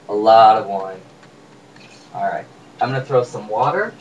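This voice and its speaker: A man's voice: on the low side, moderate pace, dull audio. A man casually demonstrating a recipe in his home kitchen, chatty and joking with viewers. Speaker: home cook vlogger. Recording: distant mic with faint room noise.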